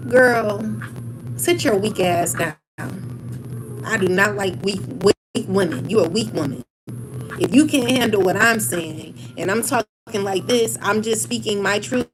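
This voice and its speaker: A woman's voice: mid-range voice, low-quality recording. Heated, profane woman ranting to camera. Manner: heated, profane and repetitive, with many restarts. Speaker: vlogger. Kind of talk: angry personal rant to camera.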